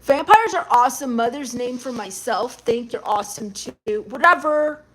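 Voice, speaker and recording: High-voiced sarcastic woman streamer. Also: animated, normal speed, fairly bright tone. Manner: sarcastic, mocking. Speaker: live streamer. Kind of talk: live stream chat reading.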